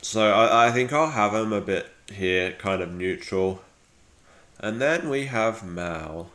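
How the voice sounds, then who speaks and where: A man talks casually on a live stream, rambling through his thoughts with plenty of fillers and false starts. His voice sits fairly low, and he speaks at an unhurried, drawn-out pace. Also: lively intonation, a bit bright. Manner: rambling, frequent fillers and restarts.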